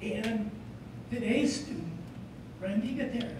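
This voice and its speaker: A man speaks as a psychology professor introducing a student award, earnest and telling a story. He sounds distant from the mic in a very reverberant hall, with a clear rumble of noise behind him. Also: animated, unhurried. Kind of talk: ceremony presentation speech. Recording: echoey hall from far off, background rumble.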